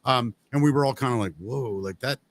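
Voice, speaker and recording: A man's voice: medium pitch, a little fast. A man chatting on a podcast, spinning an everyday anecdote. His voice sits in the middle range for a man. He slips into the voices of the people he quotes. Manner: animated storyteller acting out quoted voices. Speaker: podcast co-host. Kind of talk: casual chat.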